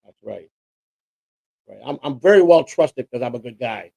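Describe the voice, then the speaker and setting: Gravelly rambling man on a livestream. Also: medium pitch, animated, moderate pace, a little mellow, no room sound. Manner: rambling, boastful, repeats words. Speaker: co-host. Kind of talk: casual livestream chat.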